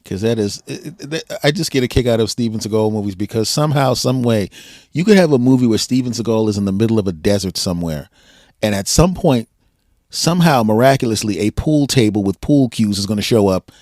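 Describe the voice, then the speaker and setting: A man's voice: lowish voice, lively intonation, fairly quick, darkish tone, no room sound, clean studio sound. A man hosting a casual podcast interview, laughing often and rambling with frequent ums. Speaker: podcast host.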